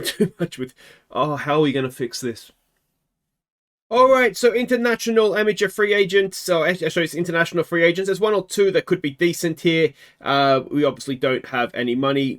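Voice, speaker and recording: An Australian man in casual game commentary, talking things through in a chatty, wry way. His voice sits a little higher than most men's, and he fills pauses as he weighs each choice. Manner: chatty, thinking aloud, frequent fillers and wry asides. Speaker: gaming video host.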